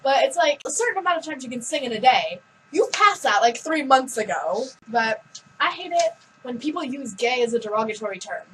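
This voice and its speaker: A teenage girl chatting casually on a vlog, giggly and animated as she tells stories. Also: high voice, a little fast, far from the mic, slight background noise, poor audio. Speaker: vlog co-host. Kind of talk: casual chat.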